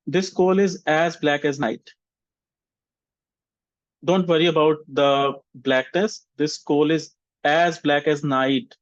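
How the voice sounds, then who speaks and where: Slowly and deliberately, a man demonstrates intonation in an online English vocabulary class, speaking example sentences for students to repeat. He has a slightly high voice for a man with a steady tone, while the sound is dry, a little dull, and free of echo.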